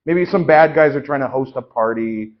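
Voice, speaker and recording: A man improvising an indignant customer who loudly complains and demands a refund in a live comedy show. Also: medium pitch, normal speed, muffled recording, natural voice. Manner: loud, indignant, repetitive complaining. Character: indignant man returning rude balloons.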